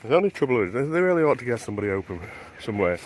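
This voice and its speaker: A man's voice: mid-range voice, very animated, rapid-fire, a little hiss or hum. A man vlogging as he walks a beach at sunrise, chatting to camera and wondering aloud as he goes. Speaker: travel vlogger. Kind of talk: casual walking narration to camera. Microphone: handheld camera while walking.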